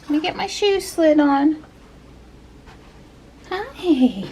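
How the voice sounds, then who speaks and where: A woman's voice: animated, background noise. A woman cooing sweet talk to her pets. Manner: cooing, slow and high.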